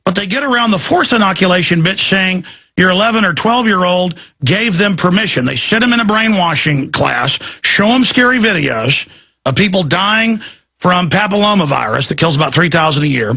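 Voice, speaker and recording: A man's voice: sits high, expressive, moderate pace, vocal fry, sharp tone. A man hosting a talk-radio show, delivering an agitated, ranting monologue.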